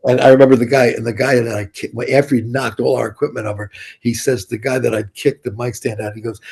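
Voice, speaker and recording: A man's voice: mid-range voice, fairly even intonation, fast, vocal fry, darkish tone, husky. An older man, telling rambling, blunt, profane stories as an interview guest. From New York City. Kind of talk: casual storytelling interview.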